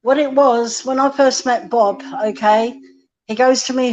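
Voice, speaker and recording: A woman's voice: fairly high pitch, steady tone, measured pace, darkish tone. Chatty woman guest on a lo-fi live stream, storyteller who quotes others. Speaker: guest musician. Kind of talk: casual live-stream chat. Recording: dull lo-fi stream audio.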